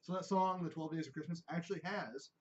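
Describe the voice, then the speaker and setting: A man's voice: on the high side, a little fast. A man hosting a podcast in casual chat, joking, swearing, and drifting off topic. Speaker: podcast host. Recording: dull lo-fi podcast audio.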